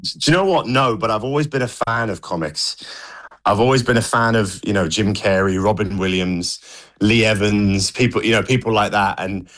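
A man's voice: on the low side, moderate pace, a bit bright. A man talking casually as a guest on a radio show, chatty and full of "you know" and restarts. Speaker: guest dancer. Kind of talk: casual radio interview chat.

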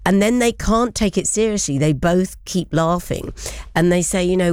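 A woman hosting a casual panel chat, chatty and quick to laugh. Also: lowish voice, darkish tone, clear, resonant tone, no room sound, studio quality. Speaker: host.

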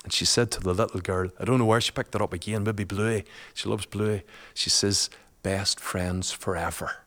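A man's voice: on the low side, fairly even intonation, fairly quick, a bit bright. A man, a guest and father, telling a personal story in a chatty, colloquial way, laughing often.

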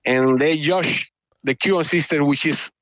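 A man from Cuba, a native Spanish speaker, answering interview questions in earnest, halting English full of restarts. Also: on the high side, a bit bright, no room sound. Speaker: politician, interview guest.

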